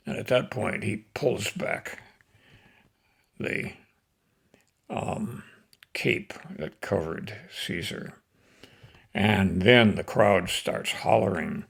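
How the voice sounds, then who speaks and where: A man teaching Shakespeare, narrating the scene and declaiming the speech with rising force. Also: fairly low pitch. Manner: slow, gravelly, declamatory. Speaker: teacher reading Shakespeare aloud. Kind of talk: dramatic reading with commentary.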